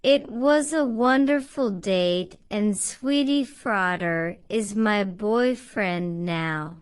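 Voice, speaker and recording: A very slow, smooth synthetic woman co-host, voiced by a text-to-speech engine. Each word comes out flat and evenly paced, with a clean, polished tone. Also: medium pitch, lightly acted.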